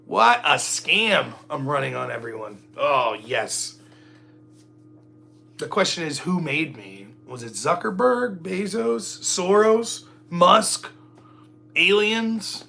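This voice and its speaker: Middle-aged male streamer, casual self-mocking chatter, bright voice, faint music under. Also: a little high, very animated, slow, gravelly. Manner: joking, rambling, self-mocking. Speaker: livestream host. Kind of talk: casual solo livestream chat.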